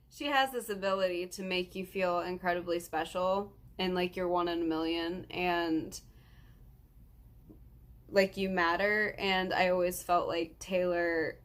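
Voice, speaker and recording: A nineteen-year-old woman records an emotional personal vlog in a lowish, slightly bright voice. She's tearful and close to crying, speaking earnestly and rambling with lots of ums.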